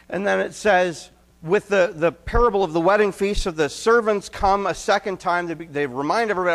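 A male pastor preaching an expository sermon, telling stories and acting out quotes, then dropping to quiet emphasis. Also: high-pitched, fairly quick. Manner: animated storyteller, acts out quotes, drops to quiet emphasis.

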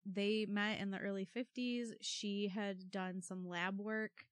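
A woman co-hosting a true-crime podcast, telling the story with wry, animated asides. Her voice sits in a middle pitch. It is recorded close and dry, with no room echo. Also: slow, clear, resonant tone. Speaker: podcast co-host.

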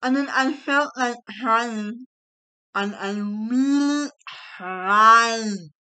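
Middle-aged woman vlogger, unhurried and halting, smooth voice pitched a little high. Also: bright, forceful tone, low-quality recording. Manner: slow, halting, emotional retelling. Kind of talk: personal vlog storytelling.

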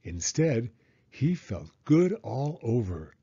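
Brief: male storybook reader, mellow and a bit husky, lively delivery, dull lo-fi audio. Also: medium pitch, slow. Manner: expressive, animated reading. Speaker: children's book reader. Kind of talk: storybook read-aloud.

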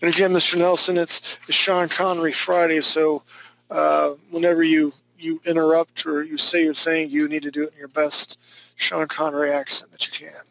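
A man's voice: fairly high pitch, little pitch movement, normal speed, creaky, sharp tone, low-quality recording. A male drawing instructor running a live class. He talks through each step in an easygoing, joking way.

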